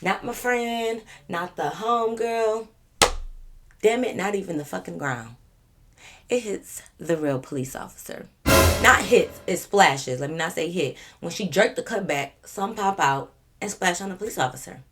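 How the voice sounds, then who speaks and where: A woman vlogger telling a story in a casual way, animated, emphatic and full of swearing. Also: lowish voice, measured pace, over music.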